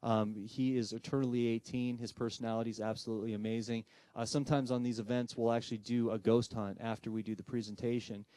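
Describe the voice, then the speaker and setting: Before a live audience, a presenter on spirit communication spins a story and dramatizes the quoted dialogue by acting out the voices. He's a fast talker with a mid-range voice, in a dry recording.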